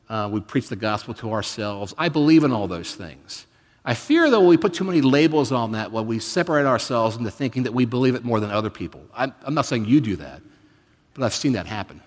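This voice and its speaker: A man in his fifties preaches a sermon in a relaxed, storytelling way, his pitch rising and falling a lot as he pokes fun at himself. His voice carries a long reverb from a large hall. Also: a little fast. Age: 50s. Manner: conversational storytelling with self-deprecating humor. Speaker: guest preacher.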